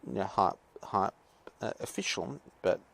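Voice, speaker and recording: Man, teacher, podcast lecture; low, creaky voice; hesitant and digressive. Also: expressive, measured pace, fairly bright tone, slight background noise. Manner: rambling, hesitant, many fillers and asides. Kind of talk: podcast lecture, reading and commenting.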